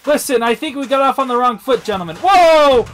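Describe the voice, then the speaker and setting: A man streaming an online game, joking loudly and yelling in comedic role-play chat. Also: very high voice, fast talker. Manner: loud, joking, often yelling.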